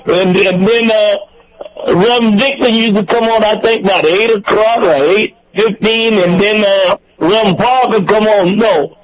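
An older man from Georgia calling in to a radio show and reminiscing in a relaxed, repetitive, storytelling way. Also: high voice, a little slow. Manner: warm-hearted storyteller, repeats himself. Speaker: radio caller. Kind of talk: casual reminiscing chat. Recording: dull lo-fi radio call.

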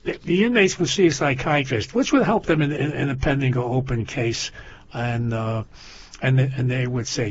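An older man talking casually, his husky voice winding through long stories full of restarts. He sits at a mid pitch. The recording is muffled and lo-fi. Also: normal speed. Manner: rambling storyteller with many restarts. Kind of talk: casual chat. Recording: lo-fi muffled audio.

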